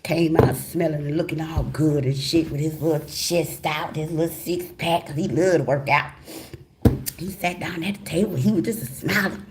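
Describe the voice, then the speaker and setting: Animated, profane woman telling a story. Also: low voice, normal speed, heavy background noise. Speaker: tarot channel host. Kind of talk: storytime monologue.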